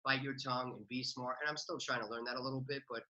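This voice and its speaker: Speaking as a guest on a podcast, this real estate investor keeps things loose and conversational, rattling along quickly with plenty of "like" thrown in. His mid-range voice stays fairly even in intonation and has a sharp tone, though the audio itself sounds dull.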